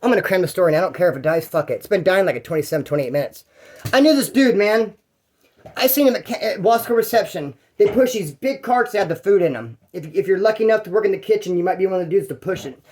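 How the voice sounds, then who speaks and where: A man rattles off a rambling, profane story at a quick clip, jumping in and out of other people's voices. His voice sits high for a man. He speaks casually, with no polish. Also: expressive, darkish tone. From California. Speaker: former prisoner telling stories.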